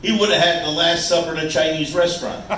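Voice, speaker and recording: Wisecracking stand-up comic in an echoey club. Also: male voice, a little high, fairly even intonation, recorded from a distance, background noise. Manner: wisecracking, teasing the crowd, halting restarts. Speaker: stand-up comedian. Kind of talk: stand-up comedy set. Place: small brewery club stage. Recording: echoey room, mic heard from afar.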